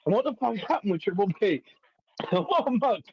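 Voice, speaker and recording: Loud London caller, high lively voice, husky, dull lo-fi line. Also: male voice, moderate pace, no echo. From North London. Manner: swaggering, sweary, laughs a lot. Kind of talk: brash live-stream chat.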